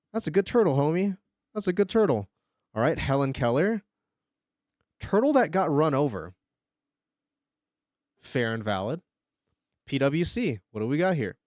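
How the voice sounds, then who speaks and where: A man streaming live, chatting casually and joking as he reacts, laughing often and breaking into excited bursts. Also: fairly high pitch, normal speed, pauses often, no echo, studio quality. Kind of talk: casual live-stream commentary while drawing.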